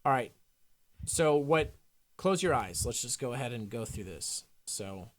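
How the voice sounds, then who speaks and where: A man's voice: mid-range voice, animated, measured pace. A young adult man coaching a trader live, talking bluntly and emphatically with frequent swearing. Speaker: trading coach.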